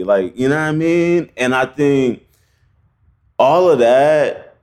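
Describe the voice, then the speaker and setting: A man, a photographer as podcast guest, telling a story in a loose, slangy, animated way with many fillers. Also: mid-range voice, slow, pauses often. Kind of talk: casual storytelling interview.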